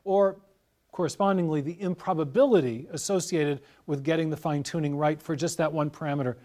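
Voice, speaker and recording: A middle-aged man talking at length in an interview, in a measured, explanatory way, walking through illustrative stories. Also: fairly high pitch, fairly even intonation, a little mellow. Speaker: guest scholar.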